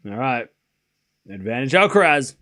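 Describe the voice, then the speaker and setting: A man's voice: mid-range voice, sing-song, moderate pace, sharp tone. A man commentating a tennis match live on stream, chatty and incredulous, laughing often and talking to his chat.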